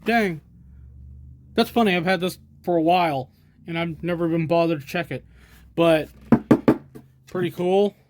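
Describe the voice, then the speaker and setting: A man from the States, his voice a touch high and level in tone, rambles casually through a show-and-tell of vintage gear at an indoor camera stand. He speaks at a moderate pace with long pauses and chatty, self-mocking asides, and there's a little hiss or hum in the recording.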